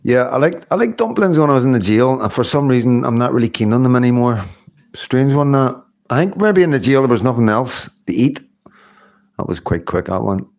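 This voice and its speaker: A middle-aged man hosts a casual livestream, chatting in a rambling way and laughing often. His medium-pitched voice is animated and brisk, with a darkish tone.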